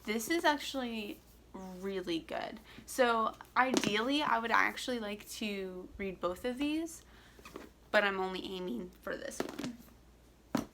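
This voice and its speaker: A woman's voice: mid-range voice, animated, takes it slowly, background noise. A young woman from Central Florida chatting casually to her camera, rambling with lots of fillers and restarts. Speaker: vlogger. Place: home in Florida.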